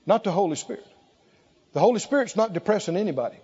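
A man's voice: high voice, expressive, fast talker, dark tone, husky, highs cut off. A man preaching a sermon, emphatic and exclaiming, repeating short phrases for effect.

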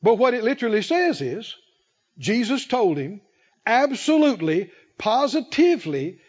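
A man preaching a sermon, emphatic and repetitive, who slows to stress key phrases and rises in fervor. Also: extremely high pitch, very animated, a little mellow. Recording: dull lo-fi recording.

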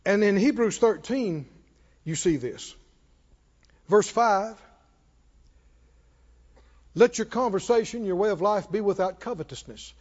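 In a church hall, a man preaches to the congregation with a high-sitting, darkish voice, going a little slow and pausing often. He repeats phrases for emphasis and gets the crowd to answer back. The sound is dull and lo-fi, with hall reverb.

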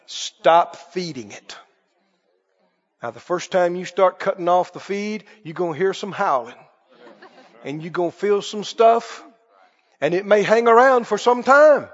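High-voiced preacher in an echoey hall. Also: male voice, lively intonation, moderate pace. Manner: emphatic call-and-response preaching. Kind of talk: sermon. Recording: dull, echoey hall sound.

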